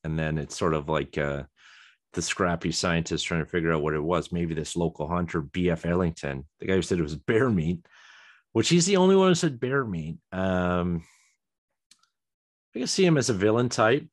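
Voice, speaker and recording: A man's voice: low-pitched, expressive, moderate pace, dry recording, studio quality. A man hosting a podcast alone, rambling casually with chuckles, many ums and restarts. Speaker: podcast host. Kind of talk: casual solo chat.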